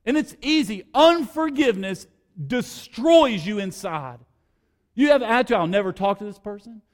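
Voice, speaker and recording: A man preaching a sermon as pastor, telling a family story with emphatic, shifting delivery. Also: high-pitched. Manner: storytelling, emphatic, swings between loud and quiet. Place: church sanctuary. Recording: long hall reverb.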